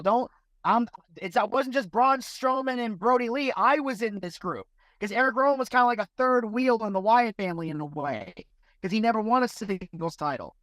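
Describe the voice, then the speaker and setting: A man's voice: very high-pitched, fairly bright tone, no echo. A man co-hosting a podcast, making emphatic points and posing rhetorical questions in casual discussion. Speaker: podcast co-host.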